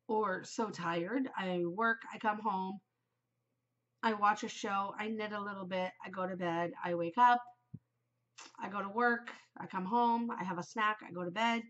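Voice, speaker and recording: Chatty crafty mom podcasting, bit stuffed up from a cold, kinda dull lo-fi sound. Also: female voice, medium pitch. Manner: bubbly, chatty, upbeat. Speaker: knitting podcast host. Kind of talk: casual chat.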